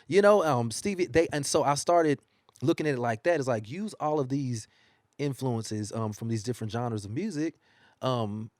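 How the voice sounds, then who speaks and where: A man's voice: mid-range voice, normal speed, no room sound. Singer guy telling stories in an interview, laughs a lot, mid voice, dry sound. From United States. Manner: animated storytelling, laughs often. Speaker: singer and guest. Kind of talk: casual interview. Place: newspaper studio.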